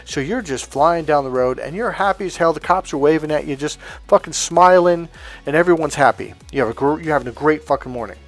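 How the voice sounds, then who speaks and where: A middle-aged man teaching dating advice in a casual, blunt way, swearing often and telling animated stories. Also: on the high side, fairly quick, faint music behind. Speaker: dating coach. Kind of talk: casual spoken lesson.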